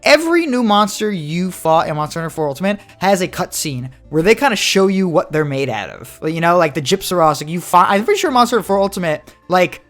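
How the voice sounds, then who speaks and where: A young man co-hosting a podcast, chatting casually and animatedly, slipping into quick voiced impressions. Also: sits high, sing-song, faint music behind. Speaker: podcast co-host. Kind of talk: casual chat.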